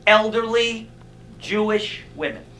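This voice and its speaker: Wry, slow-talking middle-aged stand-up comic. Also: male voice, sits high, rough recording. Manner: wry, deadpan delivery with long pauses for laughs. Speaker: stand-up comedian. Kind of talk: stand-up comedy routine. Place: theater stage.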